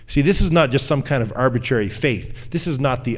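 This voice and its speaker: A male pastor giving a conversational sermon, acting out what people say and dropping to a low, quiet voice for emphasis. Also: lively intonation, normal speed, few pauses.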